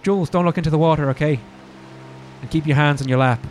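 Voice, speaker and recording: A man voicing a protective old Irish grandfather who speaks low, serious and urgent. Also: fast talker, soft background music, close to an everyday voice.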